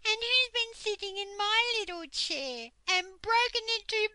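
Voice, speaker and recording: Grandma squeaking as a tearful baby bear cub. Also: female voice, animated, measured pace, sharp tone, no room sound, heavily acted. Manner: squeaky, wailing.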